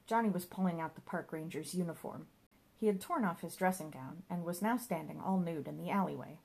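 A woman's voice: fairly low pitch, brisk, vocal fry, darkish tone, slightly rough. A woman narrating a comic novel in a wry storytelling manner. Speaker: audiobook narrator.

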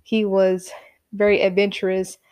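A woman's voice: mid-range voice, monotone, moderate pace, a little mellow, clean tone, no echo. A woman casually telling a personal story in a chatty, rambling way, acting out what people said. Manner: chatty, rambling, acts out quotes.

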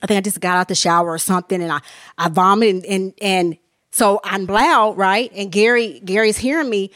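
Her medium-pitched voice runs a little fast and fairly bright as this author and minister, guesting on a podcast, opens up about her faith. She's candid, casual, earnest and emotional, restarting often. It's studio quality with no room sound.

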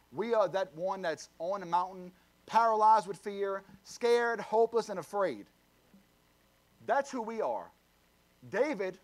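Man, pastor, high voice, emphatic sermon delivery, loud bursts and quiet asides. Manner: emphatic preaching with sudden loud surges and low asides.

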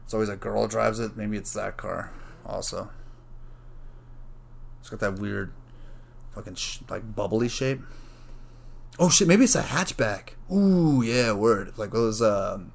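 Man, podcast host, casual solo rambling, profane, thinks out loud, lowish voice. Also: a little slow, gravelly, long pauses.

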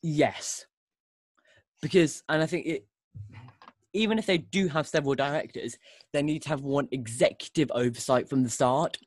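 A man's voice: fairly high pitch, moderate pace, long pauses, no room sound. A man hosting a casual podcast chat, talking enthusiastically and restarting often. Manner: enthusiastic, rambling, with frequent restarts. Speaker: podcast host.

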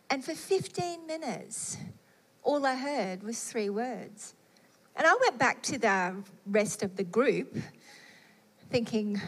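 A woman's voice: a little high, lively intonation, a little slow. A middle-aged woman preaching a sermon, telling personal stories with earnest, acted-out inner dialogue.

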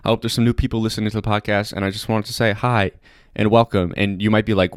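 Deep-voiced excitable podcast guy. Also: fast talker, few pauses, clean tone, dry recording, studio quality. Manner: chatty and excitable, laughs often, fillers. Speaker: podcast host. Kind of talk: casual comedic podcast chat.

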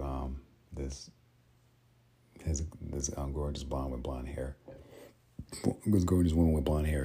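A man talks casually on his solo podcast, halting often and restarting his sentences. His voice is extremely deep and dark, with a husky, unclear texture. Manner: halting, full of ums and restarts. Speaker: podcast host.

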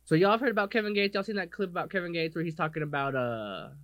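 A man co-hosting a podcast in casual chat, animated and profane, often acting out other people's voices. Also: a little high, quick pace, no echo. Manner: animated, swears a lot, acts out others' voices; self-described most expressive. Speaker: podcast co-host.

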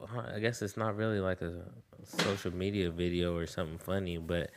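A man in a relaxed casual chat, recounting something he saw online with a laid-back manner. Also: low-pitched, brisk, background noise. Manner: laid-back, laughs while retelling.

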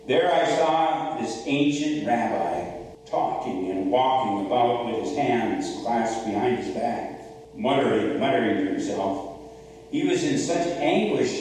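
A man's voice: medium pitch, darkish tone. A male pastor preaching a sermon with emphatic, repetitive storytelling, recorded in a church sanctuary. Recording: echoey church hall, far mic, faint hum.

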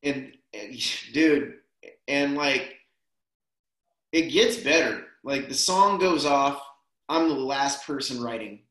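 A man's voice: medium pitch, slow. Laid-back man telling a story, roomy sound. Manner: relaxed, rambling, peppers speech with "man" and "dude". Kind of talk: casual personal storytelling. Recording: roomy echo.

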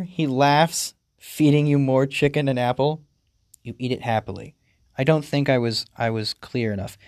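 A game host giving deadpan, amused playthrough commentary and reading the game's story text aloud. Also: mid-range voice, moderate pace, no echo, studio quality. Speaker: gaming video host.

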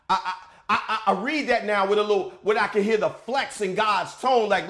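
A male pastor preaching a sermon in a casual, colloquial way, moving from quiet to shouted declarations. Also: high voice, moderate pace.

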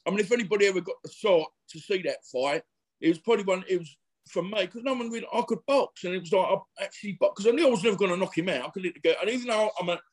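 A man's voice: high-pitched, very fast. A middle-aged man, a former boxer telling rambling, slangy stories in a casual interview. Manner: chatty, rambling, laddish slang with frequent fillers.

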